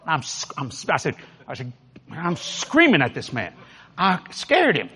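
A man's voice: a little high, wildly swooping pitch, measured pace, sharp tone, breathy edge. A man from New Orleans with its accent, preaching an emphatic, folksy storytelling sermon. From New Orleans, Louisiana. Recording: long hall reverb.

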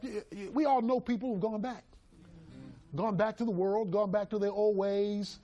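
A middle-aged male pastor preaching a sermon, emphatic, swinging between loud cries and hushed asides. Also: high-pitched, fairly even intonation, normal speed.

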